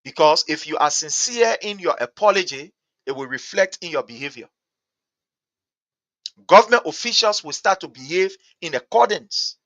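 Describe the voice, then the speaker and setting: With lively intonation and normal speed, a talk host speaking Liberian English rails passionately on political matters, repeating himself and rising to shouting. The voice sits high, bright and cutting, captured close in a dry recording.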